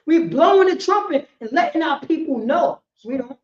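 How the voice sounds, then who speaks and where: Woman preacher, high voice, emphatic and repetitive, swings from shouting to quiet, roomy echo. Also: animated, normal speed. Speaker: teacher of a religious law class. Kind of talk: impassioned preaching lecture. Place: indoor meeting room. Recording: roomy, slightly dull lo-fi sound.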